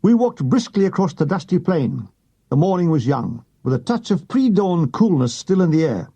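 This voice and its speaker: A man's voice: on the high side, very animated, moderate pace, mellow, breathy edge, highs cut off. A man reading a comic war memoir as an audiobook narrator, with dry comic timing.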